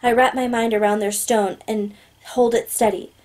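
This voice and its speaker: A woman narrating a novel in the first person, steady and plain. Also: on the high side, normal speed. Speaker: audiobook narrator.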